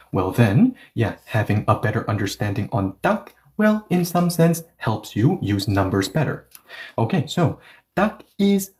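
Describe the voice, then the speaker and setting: A man whose first language is Korean teaches a casual lesson, thinking aloud in a medium-pitched voice. He strings his points together with "okay, so" and rhetorical checks to the viewer. He slows down and repeats the Korean example phrases several times. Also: darkish tone. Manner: explains step by step, thinks aloud with lots of "okay, so" and rhetorical questions.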